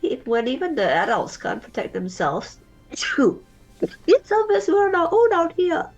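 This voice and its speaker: A grieving teenage girl from a video game, pitched high above her normal speech, with a voice that cracks and chokes with tears. She sounds upset and near to breaking. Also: wildly swooping pitch, a little slow, darkish tone, lo-fi sound, soft background music, heavily acted. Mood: subdued. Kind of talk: reading game dialogue aloud.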